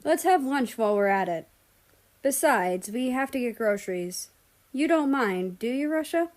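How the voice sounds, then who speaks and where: A woman's voice: fairly high pitch, lively intonation, moderate pace, a little mellow, pitched above the performer's own voice, natural voice. A woman voicing a polite older brother who makes practical plans for the family.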